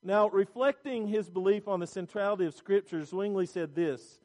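Emphatic high-voiced male preacher. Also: moderate pace, a little mellow. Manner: emphatic preaching with repetitions and restarts. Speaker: pastor. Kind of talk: sermon.

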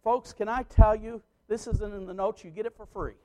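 A man pastor preaching an impassioned sermon that swings between loud outbursts and quiet asides. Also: high-pitched, fairly even intonation, normal speed.

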